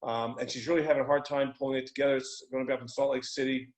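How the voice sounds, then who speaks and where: A man's voice: medium pitch, flat delivery, racing, close to an everyday voice. A man voicing an amped-up, intense male life coach who gives urgent commands. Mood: commanding.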